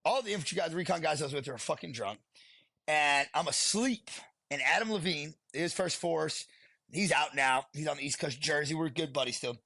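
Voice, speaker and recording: A man with a gravelly voice talks candidly and with plenty of swearing, as a guest on an interview show. His tone is forceful and edgy. The recording is close and dry, with no room sound. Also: on the high side, brisk, no room sound. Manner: blunt and heavily profane, laughs while telling stories. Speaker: podcast guest, retired Marine sergeant.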